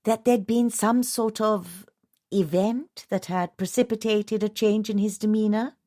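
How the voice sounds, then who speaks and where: A woman voicing a discreet housekeeper who speaks quietly, gently and in a measured way. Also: medium pitch, fairly even intonation, pitched above the performer's own voice, close to an everyday voice. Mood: tactful. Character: discreet, tactful female housekeeper sleuth.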